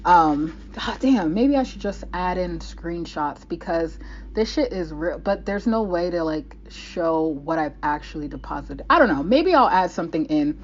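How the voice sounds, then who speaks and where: A woman's voice: lowish voice, animated, normal speed, highs cut off, a little hiss or hum. A young woman from the United States, a vlogger rambling in casual talk to the camera, restarting her sentences often.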